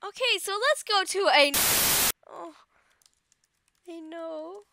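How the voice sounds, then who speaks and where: A woman doing dramatic, excitable commentary over her game, swinging between wailing and squealing. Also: very high-pitched, slow pace, creaky, very noisy. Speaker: game video creator. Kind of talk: gameplay commentary.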